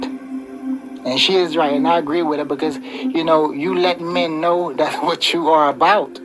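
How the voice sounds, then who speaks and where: A man's voice: fairly high pitch, steady tone, unhurried, rough recording. Preachy man ranting over music. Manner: preachy, repeats "you know" often. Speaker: vlogger giving relationship advice. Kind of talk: rambling advice monologue. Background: background music.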